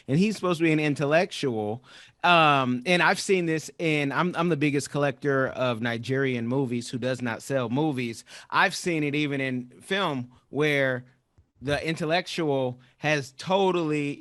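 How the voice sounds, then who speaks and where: A man with a fairly high voice hosting an interview podcast. He asks questions in a halting way, restarting and filling pauses as he goes, and the recording is dry and close. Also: a bit bright, no room sound. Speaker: podcast host.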